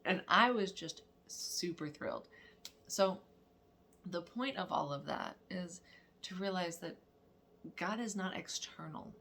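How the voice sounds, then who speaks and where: A woman, a mother, telling a lively story in a casual spiritual vlog, acting out quotes and laughing often. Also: on the low side, slow, long pauses, a little hiss or hum. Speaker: mother of daughters.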